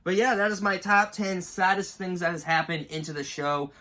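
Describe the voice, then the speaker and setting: A man's voice: high voice, flat delivery, moderate pace, pushed and bright. Emotional young man rambling on camera. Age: 20s. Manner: emotional, rambling, fighting back tears. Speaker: YouTuber ranking cartoon moments. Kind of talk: casual vlog commentary.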